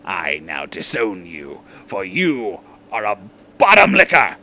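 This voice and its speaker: This is a pompous, rotund villain doctor, put on by a man reading a comedic fan story. He talks with theatrical bluster and outrage, and his voice sinks low when he takes offense. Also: huge pitch swings, slow, bright, forceful tone, slight background noise, full character voice. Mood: indignant. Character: pompous, rotund male mad-scientist villain.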